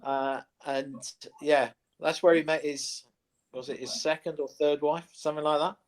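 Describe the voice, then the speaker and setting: A man's voice: a little high, steady tone, normal speed. A man co-hosting a sports chat show, a former golf pro telling rambling stories with plenty of ums and asides. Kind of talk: casual studio chat.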